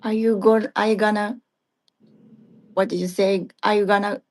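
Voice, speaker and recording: A woman practicing English conversation, hesitant and halting, often asking for repeats and answering with short backchannels. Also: mid-range voice, little pitch movement, a little mellow. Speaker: English learner.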